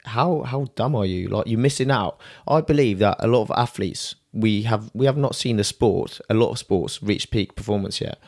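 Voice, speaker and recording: A man's voice: fairly low pitch, normal speed, few pauses, darkish tone. A young man from Italy with an Italian accent, a strength coach talking bluntly and with profanity in a casual podcast chat, acting out the people he quotes.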